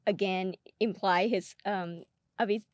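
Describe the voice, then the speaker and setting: A woman's voice: medium pitch, fairly even intonation, measured pace, no echo, studio quality. A woman co-hosting a podcast, chatting casually about a film, hesitant and searching for words, often laughing. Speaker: podcast co-host.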